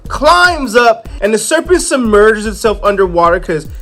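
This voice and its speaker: A man casually reviewing a comic book, retelling the scenes in an animated way and slipping into the characters' voices. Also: sits high, moderate pace, faint music behind.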